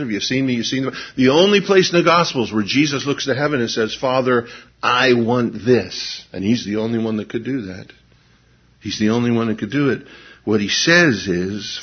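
Husky-voiced pastor in his fifties preaching. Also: mid-range voice, moderate pace, dull audio. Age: 50s. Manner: swings from hushed intensity to animated storytelling. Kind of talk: sermon.

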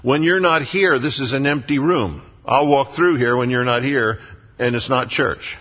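A man's voice: medium pitch, normal speed. A man preaching a sermon as pastor in a church sanctuary, with emphatic repetition. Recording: lo-fi sound with long hall reverb.

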